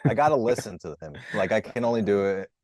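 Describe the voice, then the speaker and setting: A man in casual chat as a comedian guest, with dry, deadpan quips. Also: lowish voice, fast talker, no room sound.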